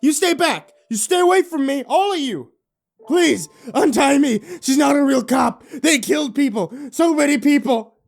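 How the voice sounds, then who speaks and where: A man doing a shrill indignant shapeshifting demon. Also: big pitch swings, moderate pace. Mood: panicked shouting. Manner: exasperated, shouting.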